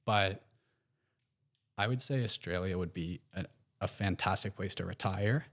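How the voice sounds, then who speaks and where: An American man, a podcast guest, telling stories in a relaxed, rambling way with plenty of fillers and restarts. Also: low-pitched, unhurried. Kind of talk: casual interview storytelling.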